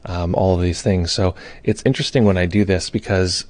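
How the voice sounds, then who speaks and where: A man's voice: low-pitched, steady tone, brisk, a little mellow. A man hosting a meditation live stream, chatting casually, greeting viewers and reading their comments aloud, with many fillers. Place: home or studio in Brooklyn.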